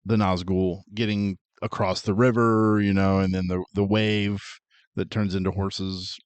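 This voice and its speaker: An easygoing man co-hosts a casual movie podcast and mostly chimes in with short, agreeable replies. His voice sits somewhat low, and the recording is dry and close. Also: little pitch movement, measured pace, clean tone, no echo. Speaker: podcast co-host. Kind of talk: casual movie review chat.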